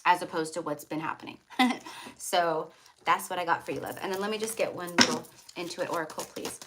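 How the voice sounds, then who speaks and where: A woman's voice: lowish voice, fairly quick, very noisy. A woman reading tarot on a live stream, chatty and affectionate, calling her viewers love and hon. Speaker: tarot reader.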